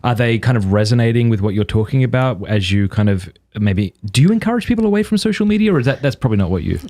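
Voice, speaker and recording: Podcast host man, 30s, mid-pitched, hesitant, jokey asides. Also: lively intonation, warm tone. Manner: hesitant, restarts questions, quick joking asides. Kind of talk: casual conversational interview.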